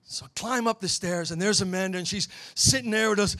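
A middle-aged man preaching a sermon in a church, telling a family story and building to shouts at the high points. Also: brisk. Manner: storytelling, swells to shouting at climaxes. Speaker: pastor.

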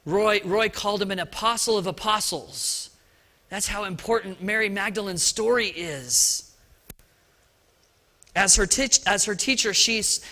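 A man preaching an Easter sermon as pastor of a church service, talking in a lively, conversational way with frequent restarts and asides. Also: high-pitched.

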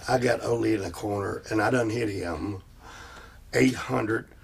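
A man's voice: on the low side, measured pace, gravelly, husky. A man telling rambling, profane stories as a guest in an interview. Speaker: interview guest, former tag team wrestler. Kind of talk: casual storytelling interview.

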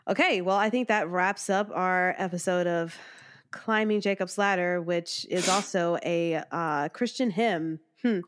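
A woman's voice: on the low side, a little slow, clean tone. A woman co-hosting a horror podcast in casual chat, speaking chattily and upbeat with a sick voice. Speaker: podcast co-host.

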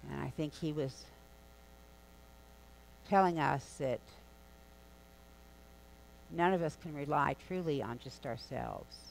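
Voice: medium pitch, slow pace, creaky, pauses often, rough recording. A preacher delivering a sermon in an easy, conversational way, weaving the story along with casual asides. The voice sits in a middle register. A faint electrical hum runs underneath. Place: church sanctuary.

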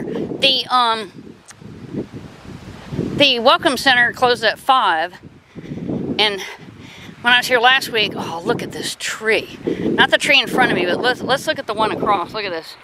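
A woman's voice: measured pace, long pauses. Chatty woman vlogging outdoors. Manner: chatty, excitable, rambling, with high sing-song baby talk to her parrot. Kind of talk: casual walking vlog. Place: outdoors in a park by a pond. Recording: faint outdoor noise.

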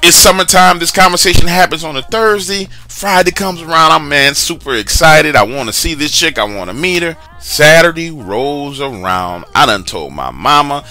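A man's voice: a little high, lively intonation, moderate pace, hardly any pauses, bright, forceful tone, soft background music. A man casually telling a personal story, chatty and slangy, with asides to the listener. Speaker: storyteller sharing a true story.

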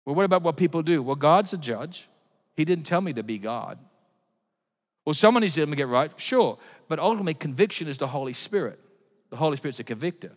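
A man's voice: a little high, lively intonation, a little fast. Emphatic preaching man in a reverberant hall. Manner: emphatic preaching, swings between loud and quiet. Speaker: pastor. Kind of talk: sermon. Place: church. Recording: long reverb of a church hall.

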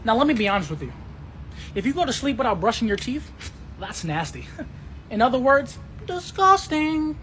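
A man's voice: sits high, big pitch swings, brisk, long pauses, a bit bright, slight background noise. A man doing brash, swaggering comedy sketches in slangy talk, laughing often. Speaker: comedy creator.

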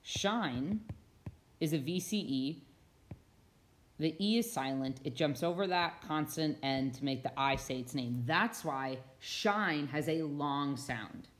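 A woman with a notably low voice walks through a phonics lesson over slides. She explains each point patiently and sounds words out slowly for young listeners. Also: animated. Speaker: reading teacher.

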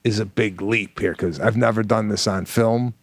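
A man on a podcast, spinning a lively, dramatic story and acting out each line he quotes. His voice sits at an ordinary pitch and sounds dry and close to the mic. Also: normal speed, dry recording. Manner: animated, dramatic retelling with acted-out quotes. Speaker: podcast co-host. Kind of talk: casual storytelling chat.

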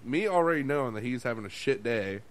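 A man's voice: medium pitch, lively intonation, fast talker. A man co-hosting a podcast, telling a restaurant story in casual chat, swearing often, laughing, and acting out what people said. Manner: profane, laughing, acts out quotes. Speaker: podcast co-host.

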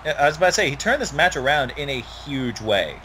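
A man's voice: fairly high pitch, very animated, quick pace, noisy background. A young man commentating a wrestling video game in a rambling, opinionated, profane way.

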